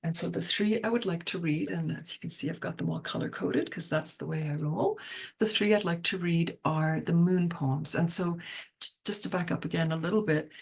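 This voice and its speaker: A woman's voice: lowish voice, gravelly, breathy edge. A woman from Canada hosting an online poetry reading, talking casually with fillers and restarts.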